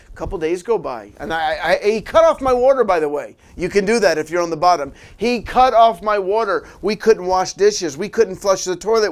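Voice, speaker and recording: A middle-aged man preaching in a sermon style, telling a personal story with animated delivery and frequent small laughs. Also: a little high. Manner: animated storyteller, laughs often, restarts phrases.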